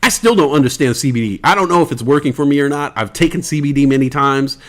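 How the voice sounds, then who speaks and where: A man's voice: a little high, quick pace. An American man hosting a casual solo podcast, rambling loosely, swearing freely and reading out listener comments. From United States. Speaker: podcast host.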